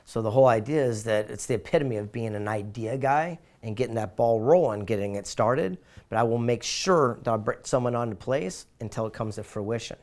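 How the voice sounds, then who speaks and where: A middle-aged American man talks at an ordinary pitch, telling stories as an interview guest. He is upbeat and lively, and he slips into little voices for the people in his anecdotes. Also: brisk. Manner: enthusiastic, acts out voices in anecdotes. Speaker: interview guest, author and speaker. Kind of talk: animated storytelling in an interview.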